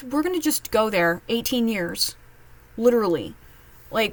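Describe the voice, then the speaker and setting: A woman giving casual reaction commentary while reading online posts at home, chatty and candid, with quick asides. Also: on the high side, sharp tone, no room sound. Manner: chatty, candid, quips and mimics others in asides. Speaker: online post reader and commentator.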